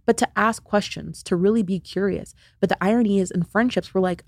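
A woman talking as a podcast guest and friendship coach, lively, acting out the lines she quotes. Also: mid-range voice, brisk, few pauses, no room sound, clean studio sound. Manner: animated, acts out quoted lines. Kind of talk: conversational interview.

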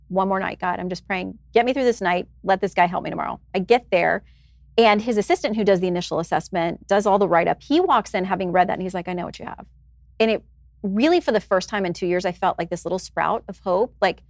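A woman in her forties speaks quickly and earnestly as an interview guest, sharing a deeply personal story. Her voice sits at an ordinary pitch. The sound is dry and close, with no room around it. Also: creaky, no echo. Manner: earnest, emotional, candid and reflective. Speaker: news anchor and author, guest.

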